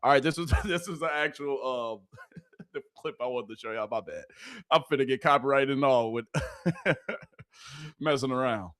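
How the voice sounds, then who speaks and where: A man's voice: mid-range voice, moderate pace, long pauses, fairly bright tone. Hyped man commentating football clips. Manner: hyped, chatty, laughing, slangy. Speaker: sports video host. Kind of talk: casual live commentary over game clips.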